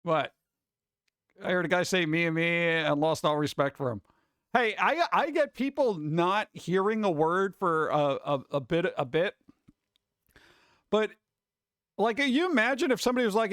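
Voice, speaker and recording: A man's voice: fairly high pitch, very animated, moderate pace, a bit bright, no room sound, studio quality. A man hosting a live stream, chatting casually and reading chat aloud in a rambling, jokey way with muttered asides.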